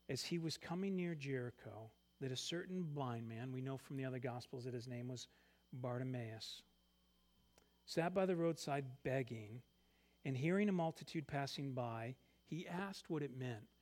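A man preaching a sermon, reading scripture aloud and swinging between loud emphatic lines and quiet asides. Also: medium pitch, normal speed. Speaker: pastor.

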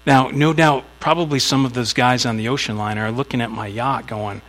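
A man's voice: mid-range voice, steady tone, brisk, fairly bright tone, poor audio. A man preaching a sermon in a conversational way, telling a story with little acted asides. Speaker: pastor.

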